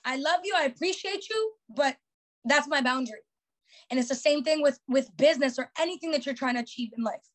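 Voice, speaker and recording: A young woman with a high, bright-sitting voice talks on her podcast in a motivational vein. She hammers her points home by repeating phrases and leans on casual "like" fillers between thoughts. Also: brisk. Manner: emphatic, repeats key phrases, frequent "like" fillers. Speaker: podcast host.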